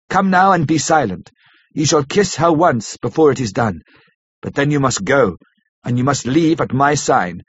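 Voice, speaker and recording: A man playing a grave old professor, husky and solemn. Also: a little high, no echo. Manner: solemn, halting, formal old-fashioned phrasing. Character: grave older male professor, kindly and commanding. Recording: dull lo-fi recording.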